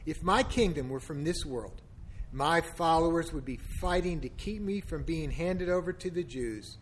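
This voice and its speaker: A calm male prisoner speaks low and unhurried, each answer quiet and solemn, as a man reading scripture voices him, a little higher in pitch than most men. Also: slight background noise, natural voice.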